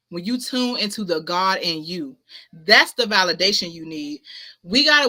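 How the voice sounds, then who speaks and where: Bright-voiced woman giving an emphatic pep talk. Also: medium pitch. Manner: emphatic, preachy, repeats phrases with slang. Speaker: host of a spiritual talk show. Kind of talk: casual motivational livestream talk. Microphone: ring light setup, webcam-style stream.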